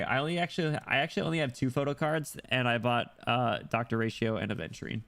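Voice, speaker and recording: Male streamer, rambling and excitable, mid voice, squeals when delighted. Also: mid-range voice, fast talker, few pauses, soft background music. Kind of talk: casual livestream chat while reading a game story.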